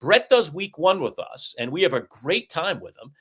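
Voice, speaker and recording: A middle-aged man co-hosting a sports talk show, chatting and telling stories in an animated way. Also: fairly high pitch, normal speed, husky. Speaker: co-host.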